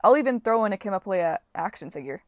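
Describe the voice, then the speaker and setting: A quick-witted teenage demigod hero, persuasive and fast-talking, read out by a woman. His voice stays in a middle register. Close, dry audiobook recording. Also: medium pitch, animated, dry recording, close to an everyday voice.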